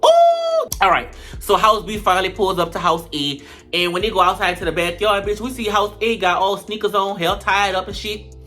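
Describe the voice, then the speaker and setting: Foul-mouthed reviewer ranting about a reality show episode, lively and dramatic, faint music underneath. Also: mid-range voice, a little fast. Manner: animated, profane, dramatic retelling. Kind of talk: casual commentary vlog.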